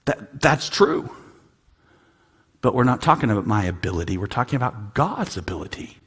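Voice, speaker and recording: Husky and lowish, this pastor's voice has a sing-song quality at a moderate pace. His sermon dips to near-whispers and then climbs to loud, emphatic peaks, with frequent repeated and restarted words as he presses on.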